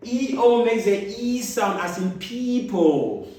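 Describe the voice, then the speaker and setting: A man teaching a phonics lesson, repeating letter sounds and example words slowly, recorded in an echoey room. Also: sits high, expressive, mellow, recorded from a distance. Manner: slow, drawn-out repetition of sounds and example words. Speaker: reading teacher.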